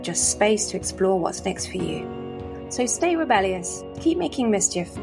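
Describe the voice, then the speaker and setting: Brief: British woman host, mid-pitched, encouraging, faint music under her voice. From England. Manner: upbeat, encouraging. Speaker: podcast host. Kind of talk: interview hosting and scripted outro.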